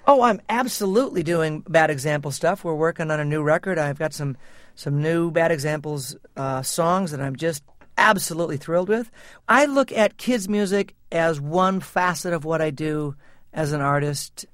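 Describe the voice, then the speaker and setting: Earnest middle-aged man, fairly high voice. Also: moderate pace, fairly bright tone, no echo. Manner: earnest, thoughtful, laughs easily. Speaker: musician guest. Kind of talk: reflective interview talk.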